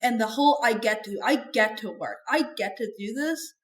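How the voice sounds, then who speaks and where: A fairly high-voiced woman talks candidly as a podcast guest. Her delivery is chatty and earnest and full of casual fillers. The sound bounces around an echoey room. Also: lively intonation, moderate pace. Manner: chatty and earnest, heavy use of "like". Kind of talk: candid conversational interview.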